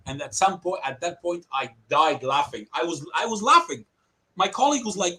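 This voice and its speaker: A man's voice: high-pitched, animated, a little fast, a bit bright, slightly rough, low-quality recording. A man presenting evidence in a heated online debate, passionate and indignant as he speaks. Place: lives in Greece.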